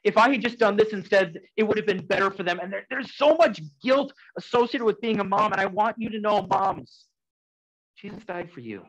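A man preaching a sermon in an earnest, conversational way, swinging from loud emphasis to soft, quiet lines. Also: sits high, brisk, low-quality recording. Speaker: pastor.

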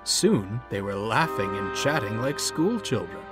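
A calm male storyteller reads with deliberate, steady phrasing in a low voice. He takes his time over every line. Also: faint music behind. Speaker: narrator. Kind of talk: storybook narration.

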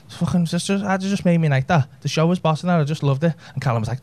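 A man's voice: on the high side, fast talker, hardly any pauses, dark tone. A man, telling a brash, sweary story in a stand-up set. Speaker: stand-up comedian. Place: comedy club stage with audience laughter.

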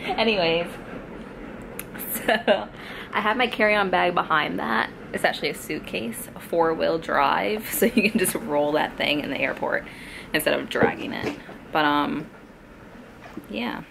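A woman's voice: on the low side, measured pace, vocal fry, background noise. A young woman chatting casually at home in a rambling vlog, laughing often as she talks. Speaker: lifestyle vlogger. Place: at home, indoors.

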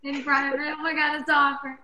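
Bubbly young woman on a radio call, high bright voice, roomy echo. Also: flat delivery, fairly quick, crowd noise. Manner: giggly, bubbly. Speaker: pop singer guest. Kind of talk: casual radio interview chat.

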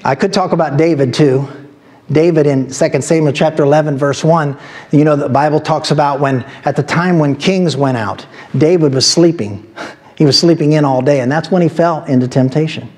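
A man's voice: a little high, normal speed, darkish tone. A man pastor preaching a sermon in a church, teaching from scripture and building to emphatic exhortation. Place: church sanctuary.

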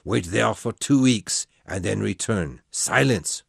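A man's voice: lowish voice, expressive, slow pace, creaky, husky, dry recording, studio quality, exaggerated voice. A man voicing a duke who gives orders in a clipped, commanding way. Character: curt, commanding male duke.

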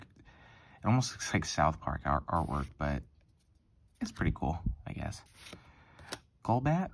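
A young man with a low, deep voice talks casually as he opens card packs at a table. He rambles a little, filling pauses with ums and correcting himself as he goes. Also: husky. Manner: chatty, rambling, lots of ums and self-corrections. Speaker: card-opening channel host. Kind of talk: casual pack-opening commentary.

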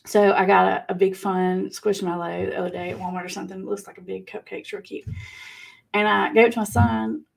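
A woman with a Southern US accent chats live with viewers and reads out their comments. Her voice is gravelly and husky, with a slight rasp. She talks easily and laughs often. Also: medium pitch, level tone, a little fast. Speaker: livestream host. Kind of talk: casual live chat.

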